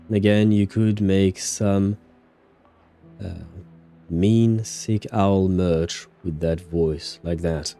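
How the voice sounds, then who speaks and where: A man's voice: deep voice, warm tone. A man streaming a game, narrating scenes and chatting with viewers in a rambling, casual way. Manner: rambling, chatty, answers chat, frequent fillers and laughs.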